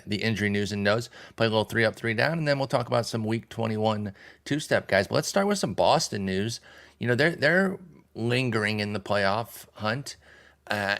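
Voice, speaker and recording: A man's voice: on the low side, fairly bright tone. A man hosting a podcast, talking casually and conversationally with his co-host. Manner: conversational, frequent restarts. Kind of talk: casual chat.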